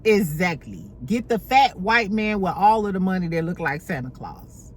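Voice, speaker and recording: A woman hosting a casual reality TV recap at home, animated and profane. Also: lowish voice, moderate pace, slight background noise. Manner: animated, mimics cast members, profane. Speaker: podcast host recapping reality TV.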